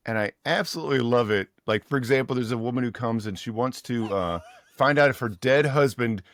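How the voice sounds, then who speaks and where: A man's voice: medium pitch, fairly quick. A man co-hosting a podcast, animatedly retelling a story in casual book chat and laughing often. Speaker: podcast co-host.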